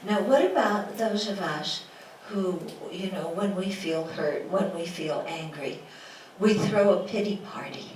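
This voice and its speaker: A woman's voice: fairly low pitch, a little slow, a little mellow. A woman Buddhist teacher giving a dharma talk in a lecture room, asking the audience rhetorical questions and acting out quotes playfully. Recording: echoey room from a distance with noise.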